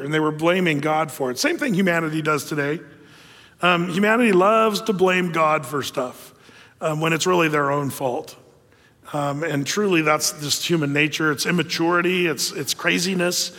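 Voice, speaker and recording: A man with a notably high voice preaches a folksy, humorous sermon, retelling scripture with plenty of fillers along the way. His words ring out with the long reverb of a large hall. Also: a bit bright. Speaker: pastor.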